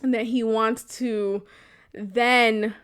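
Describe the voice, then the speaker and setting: A woman hosts her own podcast and tells personal stories in a candid, animated chat. Her voice sits a little high, and she laughs often and swears freely. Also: very slow, smooth. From Boston area, US. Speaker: podcast host.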